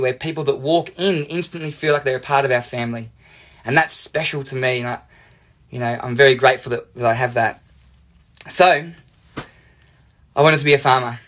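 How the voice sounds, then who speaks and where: A young Australian man, a life coach, telling a playful childhood story in an animated way. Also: mid-range voice. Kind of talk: storytelling monologue.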